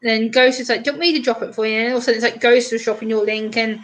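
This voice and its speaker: A woman chatting on a live stream, retelling stories in an animated way with lots of quoted voices. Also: on the high side, very fast, a little hiss or hum. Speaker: streamer guest. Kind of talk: casual chat on a live stream.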